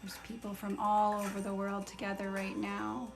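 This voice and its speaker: A woman hosting a live guided meditation, speaking slowly and softly with blessings and breathing cues. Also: medium pitch, monotone, music in the background. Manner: slow, soft and soothing; gushing and giggly in farewells. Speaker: spiritual meditation host. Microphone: livestream phone or computer mic.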